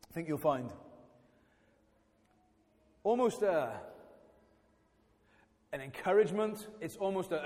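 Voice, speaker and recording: Chatty high-voiced male preacher in a reverberant hall. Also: a little mellow. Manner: chatty, self-deprecating, many restarts. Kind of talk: sermon.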